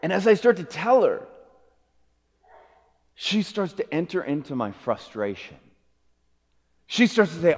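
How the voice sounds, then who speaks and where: A middle-aged man preaching a sermon as a pastor, earnest, rising to emphatic peaks and dropping to soft low phrases. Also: sing-song, a little slow, long pauses. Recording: long hall reverb.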